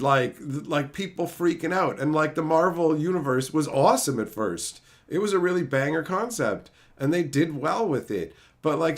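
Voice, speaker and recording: A man's voice: a little high, a bit bright. A man streaming a casual, profane rant, sounding exasperated and incredulous.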